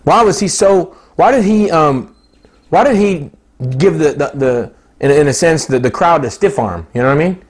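A man in his thirties delivers a sermon with bubbling excitement. His voice sits a little high and swings widely between bright peaks and low asides. He laughs often as he talks. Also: moderate pace. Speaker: preacher.

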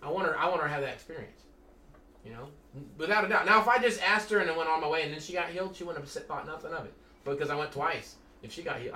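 Male Christian teacher, bright and lively storyteller, echoey room. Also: fairly high pitch, far from the mic. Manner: animated, acts out quoted voices. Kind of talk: casual storytelling talk.

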